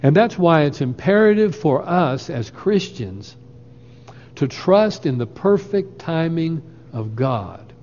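A man preaching a sermon in a slow, earnest way, quoting scripture at length. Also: a little high, sing-song, a little mellow. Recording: lo-fi with long hall reverb.

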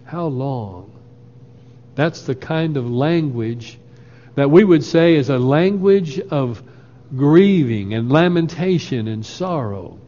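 A man preaching a sermon in a slow, earnest way, quoting scripture at length. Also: fairly high pitch, animated, warm tone. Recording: lo-fi with long hall reverb.

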